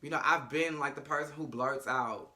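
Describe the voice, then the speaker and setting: A man's voice: mid-range voice, normal speed, sharp tone. A man recapping a TV episode in a casual, sassy, profane and dramatic way. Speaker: show recapper.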